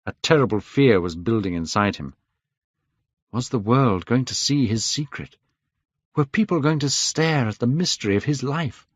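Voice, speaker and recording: A man narrating a graded reader story for English learners in a clear, measured way. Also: mid-range voice, animated, no room sound. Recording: dull, dry lo-fi recording.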